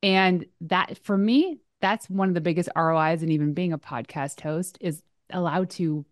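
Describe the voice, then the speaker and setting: A woman from Canada, a PR expert, talking as a guest on a podcast in an energetic, casual way. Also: fairly low pitch, normal speed, no echo, studio quality. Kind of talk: casual interview chat.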